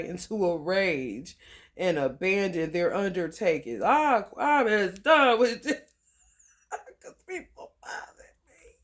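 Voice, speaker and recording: An astrology vlogger talks at an unhurried pace, reading star-sign passages aloud. The pitch sits in a middle register. Between passages come slangy, profane asides. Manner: slangy, swears freely, reads book passages aloud with side comments. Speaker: astrology channel host.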